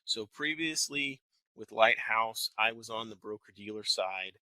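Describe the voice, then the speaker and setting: Speaking from an office building, this wealth manager in his thirties hosts a live webinar with a faint Texan twang, conversational but carefully enunciated. He has a lowish, animated, unhurried voice that sounds pushed and bright. The audio is dry and low in quality.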